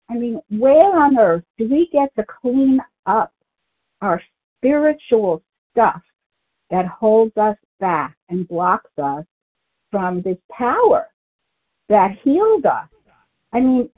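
A woman's voice: mid-range voice, breathy edge. A woman giving a short, earnest share at a support meeting over the phone. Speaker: meeting member sharing. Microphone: phone call. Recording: tinny phone line.

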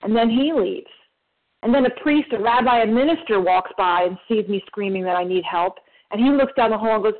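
A woman's voice: fairly high pitch, lively intonation, a little fast. A woman sharing at a recovery meeting, telling a parable and acting out the voices of the people in it. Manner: storytelling, acts out voices in a parable. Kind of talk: emotional recovery share. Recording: phone-line call audio.

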